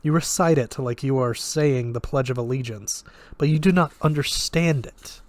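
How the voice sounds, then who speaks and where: A man voicing a sardonic male magic professor who speaks in a flat, lecturing way with a Russian accent. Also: medium pitch, normal speed, dry recording, natural voice. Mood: sarcastic.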